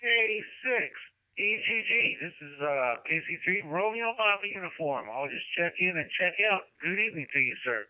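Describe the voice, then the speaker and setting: A man's voice: sits high, expressive, normal speed, no echo. A man checking in on an amateur radio net, easygoing and full of fillers. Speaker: ham radio caller. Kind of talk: on-air radio check-in chat. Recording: narrow radio transmission.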